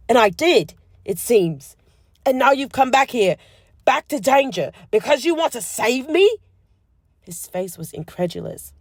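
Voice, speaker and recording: Woman voicing a quiet, resigned young man. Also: dry recording, natural voice. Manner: quiet, low, resigned delivery. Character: guarded, resigned young man, bitter and hurt. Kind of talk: audiobook character voice.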